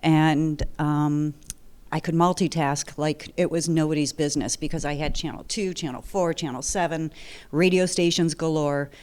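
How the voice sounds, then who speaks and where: A woman's voice: deep voice, fairly even intonation, moderate pace, darkish tone, clear, resonant tone. A woman in her fifties from the Detroit area, telling her personal story at a seminar in a chatty, humorous way. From Detroit area, USA. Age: 50s.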